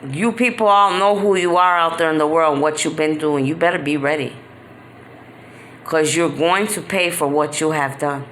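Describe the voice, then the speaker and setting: A woman's voice: low voice, steady tone, moderate pace, fairly bright tone, a little hiss or hum. A woman speaking straight to the camera in an impassioned vlog monologue. She talks bluntly, often in street slang, repeats herself for emphasis and fills her speech with "you know". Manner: emphatic and repetitive, many "you know" fillers. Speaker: vlogger.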